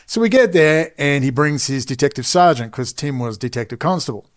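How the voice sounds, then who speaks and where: A man's voice: a little high, lively intonation, a little fast. A middle-aged man with an Australian accent, telling a long personal story with emphatic asides and frequent digressions. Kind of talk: rambling personal storytelling monologue.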